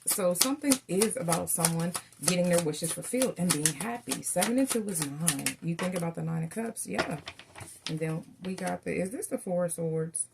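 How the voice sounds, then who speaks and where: Gravelly woman reading tarot. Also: fairly low pitch, expressive, normal speed, very noisy. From Southern United States. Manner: chatty storytelling, addresses viewers as y'all. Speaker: tarot reader.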